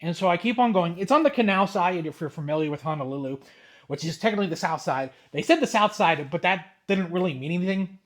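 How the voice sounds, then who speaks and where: A young man telling a rambling, exasperated story in a casual vlog, with excited asides as he opens cards. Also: sits high, fast talker. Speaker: card collector vlogger.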